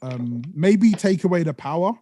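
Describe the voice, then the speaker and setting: A man co-hosting a casual podcast, talking in a rambling, sweary, animated way. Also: fairly high pitch, moderate pace. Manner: sweary, rambling and animated, with put-on voices for mocking. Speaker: podcast co-host.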